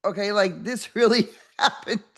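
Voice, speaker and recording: An older woman hosting a podcast, telling a story in a rambling, animated way with many restarts and acted-out voices. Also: mid-range voice, moderate pace. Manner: animated, acts out quoted voices. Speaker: podcast host. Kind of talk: casual storytelling monologue.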